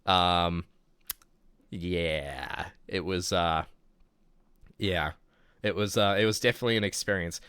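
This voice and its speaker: Male streamer, New Zealand accent, lower pitch, smooth, dry sound, rambles casually. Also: takes it slowly, pauses often, bright, forceful tone, dry recording. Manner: rambling, full of filler words. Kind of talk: casual chat storytelling.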